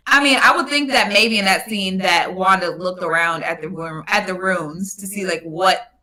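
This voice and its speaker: Bright young woman, halting and filler-heavy. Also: fairly low pitch. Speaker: podcast co-host. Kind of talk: casual chat.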